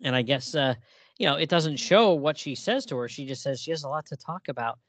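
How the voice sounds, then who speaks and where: A man co-hosting a casual comic book podcast, relaxed and full of fillers, often laughing. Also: on the high side, a little fast, no room sound. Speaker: podcast co-host.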